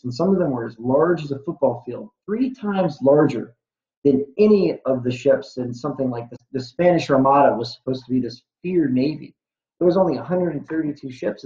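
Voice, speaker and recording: A man's voice: mid-range voice, darkish tone. A man co-teaching a history lesson, explaining background detail at length. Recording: echoey room, dull lo-fi sound.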